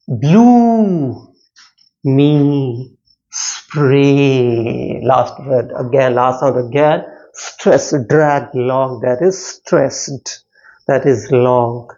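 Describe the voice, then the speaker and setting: Very slow-talking male poetry teacher. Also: fairly high pitch, darkish tone. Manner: slow, halting delivery with many repetitions and self-corrections; drawn-out syllables when sounding out words. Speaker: English literature teacher. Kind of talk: line-by-line poetry lesson. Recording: dull lo-fi recording.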